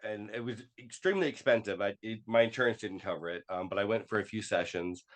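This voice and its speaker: Podcast guest, man, lowish voice, halting storyteller who acts out the quotes. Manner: halting, many fillers and restarts, acts out quoted dialogue. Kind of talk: personal storytelling in an interview.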